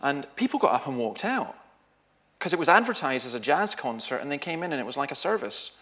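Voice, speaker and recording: A middle-aged minister speaks in a church, telling stories with lively shifts of voice. He acts out the people in his anecdotes as he goes. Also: a little high, a little fast. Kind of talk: sermon talk with anecdotes.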